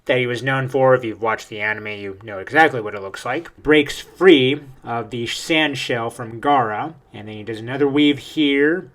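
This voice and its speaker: A man hosting a casual manga reaction, talking excitably with frequent fillers as he reads through pages. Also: mid-range voice, normal speed, hardly any pauses. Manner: excitable, hyped, lots of uh fillers.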